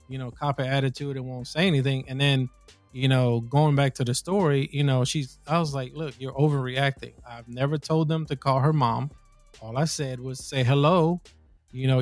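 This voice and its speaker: A male podcast host tells a long personal story in a rambling, casual way. He gets animated when indignant, with a mid-range pitch. The sound is dry and close, and faint music runs behind him. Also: no echo. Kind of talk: casual conversation.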